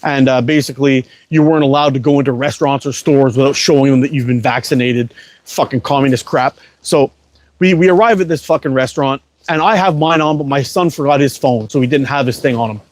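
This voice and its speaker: A man's voice: mid-range voice, brisk, no echo. A man telling a long, rambling, profanity-heavy story in a casual livestream chat. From Canada. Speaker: livestream host.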